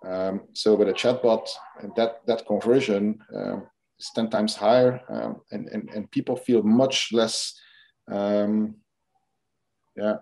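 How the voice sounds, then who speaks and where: Brief: male guest expert, warm mellow tone, conversational, restarts often. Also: on the low side, slow, gravelly. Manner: animated explaining, frequent restarts and "kind of". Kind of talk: interview conversation.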